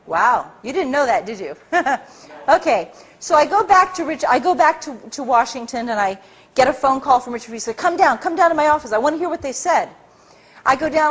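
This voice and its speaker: A middle-aged woman speaking to an audience, telling a story in an animated way and acting out the people she quotes. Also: a little fast. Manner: acts out quoted people with big pitch jumps. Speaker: speaker at a public talk.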